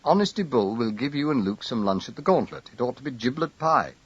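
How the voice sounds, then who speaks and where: A man's voice: mid-range voice, expressive, a little fast, slightly rough, muffled recording. A man doing a breezy young country woman.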